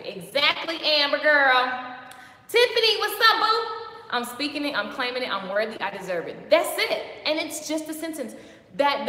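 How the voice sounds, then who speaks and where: Bright, lively woman. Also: a little high. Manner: lively, preachy, chatty, greets viewers by name. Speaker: motivational vlogger. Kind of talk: live-stream motivational talk. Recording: echoey with long reverb.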